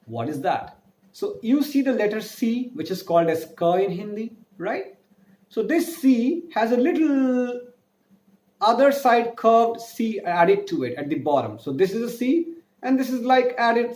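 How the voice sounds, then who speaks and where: A man's voice: high voice, a little mellow. Man teaching, echoey room. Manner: explaining patiently, repeating and spelling out letters. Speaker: French teacher. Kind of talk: online class lesson.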